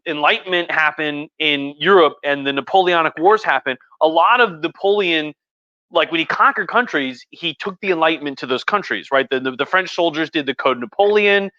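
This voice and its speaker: A tipsy man with a bright, forceful voice, a touch higher than most, rambles through history in a loose, profane way. The sound is dry and a little dull. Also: no echo. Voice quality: profane, rambling, lots of fillers. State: tipsy from wine. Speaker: history professor hosting a drunk livestream. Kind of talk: casual rambling history talk.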